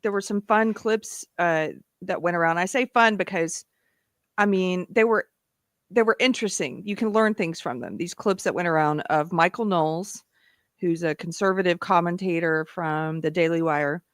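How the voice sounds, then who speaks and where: A woman's voice: fairly low pitch, moderate pace, dry recording, studio quality. A woman from Texas hosting a live online panel, talking casually with many restarts and laughs. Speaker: host.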